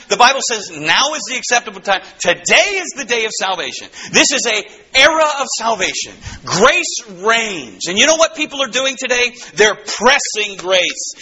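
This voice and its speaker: A man preaching a sermon, swinging between soaring exclamations and hushed low asides. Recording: slightly dull, faintly noisy recording.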